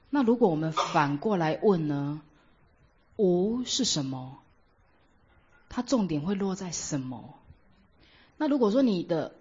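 A woman teaching Buddhist meditation, explaining each point with examples in a measured way. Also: sits low, a little mellow, slightly rough. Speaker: dharma teacher. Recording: dull lo-fi recording.

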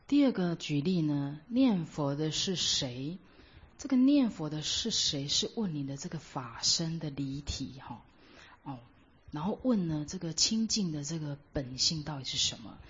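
A woman teaching Buddhist meditation, explaining each point with examples in a measured way. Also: low-pitched, very animated, breathy edge. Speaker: dharma teacher. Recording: dull lo-fi recording.

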